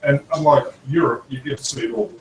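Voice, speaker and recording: A man chatting casually on a live stream, pausing often with fillers. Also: fairly high pitch. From Australia. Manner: hesitant, many fillers. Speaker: panel guest. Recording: roomy and distant with faint noise.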